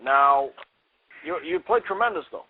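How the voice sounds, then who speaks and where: A man impersonating a male president giving a halting, mock-formal speech full of pauses, as a comedy podcast bit. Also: on the high side, expressive. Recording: tinny phone-like lo-fi audio.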